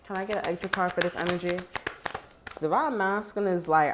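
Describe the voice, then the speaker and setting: Low-voiced blunt woman reading tarot. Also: fast talker, background noise. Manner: blunt and sassy, swears freely; talks straight to the viewer. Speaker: tarot reader.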